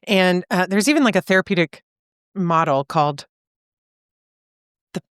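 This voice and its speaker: Lower-voiced woman therapist, explaining. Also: moderate pace, clear, resonant tone, no echo, clean studio sound. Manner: thoughtful, warm explaining with frequent "right?" and "you know?". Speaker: podcast co-host and therapist. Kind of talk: casual faith podcast conversation.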